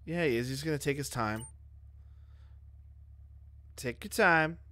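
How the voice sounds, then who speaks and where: A man's voice: fairly high pitch, measured pace, pushed and bright, dry recording. A man streaming a game live, chatting casually and joking in a mock-boastful way, speaking close to his microphone. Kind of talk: casual gameplay chat. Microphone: close to the mic.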